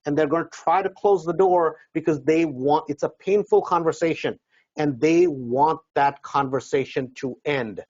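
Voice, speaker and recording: A man's voice: a little high, normal speed, darkish tone, dull audio. A man coaching real estate investors in a seminar talk, conversational, acting out doorstep dialogue and often asking "right?".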